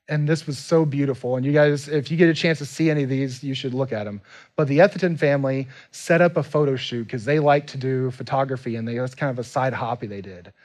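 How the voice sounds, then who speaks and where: A man at a church service leading community groups, talking to the congregation in an earnest way, going quiet when he is moved and rising when he urges. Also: a little high. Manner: emotional, voice drops when moved, rises when urging. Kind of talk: sermon announcement.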